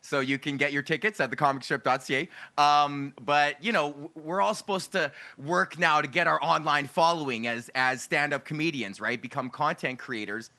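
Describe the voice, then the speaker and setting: A comedian from Edmonton with an Alberta accent, chatting upbeat in a TV interview with lots of "you know" fillers. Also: male voice, a little high, fairly even intonation, normal speed, few pauses, bright, forceful tone. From Edmonton, Alberta, Canada. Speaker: stand-up comedian, guest. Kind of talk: casual TV interview.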